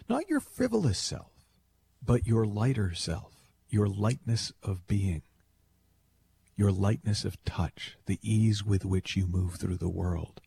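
A man hosting a call-in radio show, talking in a playful, animated storytelling way. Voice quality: deep gravelly voice. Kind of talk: conversational radio monologue.

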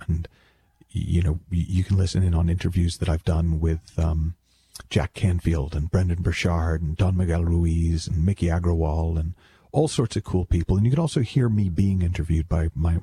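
A man's voice: low voice, gravelly, mellow, slightly rough. A man talking as a self-help speaker in a casual, reflective monologue, rambling and wry with many self-corrections.

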